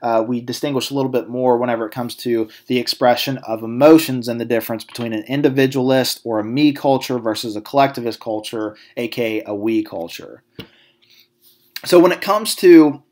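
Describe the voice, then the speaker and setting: Man, Southern American accent, psychology instructor, recorded lecture, middle-pitched voice, chatty with fillers. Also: fairly quick, a little mellow. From Southern United States. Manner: conversational, many fillers and restarts. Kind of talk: recorded lecture over slides.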